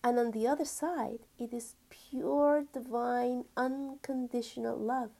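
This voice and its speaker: Slow, gentle woman giving a spiritual talk. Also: fairly high pitch, steady tone, creaky. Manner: gentle and earnest, stretches key words, sometimes drops to a whisper. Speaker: spiritual teacher and energy healer. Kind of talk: spiritual teaching talk to camera.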